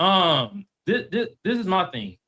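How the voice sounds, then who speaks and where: A man's voice: sits high, big pitch swings, a little slow, sharp tone. A man on a debate stream, talking in a blunt, slangy way and calling people "bro". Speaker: debate panelist. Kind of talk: casual heated stream talk.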